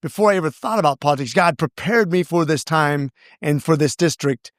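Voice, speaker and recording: A man's voice: a little high, brisk, no echo. Earnest rambling man guest, dry sound. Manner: earnest, rambling, with many restarts. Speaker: congressman guest. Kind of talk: casual interview storytelling.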